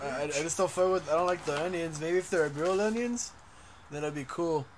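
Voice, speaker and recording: Young man, slightly high voice, swears a lot, laughs often, faint background hiss. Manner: profane, laughing, halting restarts. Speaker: podcast co-host. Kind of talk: casual chat.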